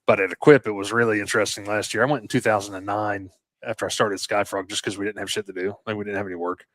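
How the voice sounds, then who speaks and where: A man with a lowish voice tells a long story in a loose podcast chat. He rambles along with fillers and restarts and swears casually. The recording is dry and close. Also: level tone, quick pace, fairly bright tone, no echo. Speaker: podcast co-host and landscaping business owner.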